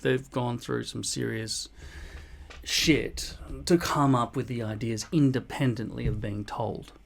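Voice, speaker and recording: A man with a gravelly, medium-pitched voice and fairly even intonation works through viewer comments a little slowly. His replies are casual, blunt and mock-boastful, peppered with swearing.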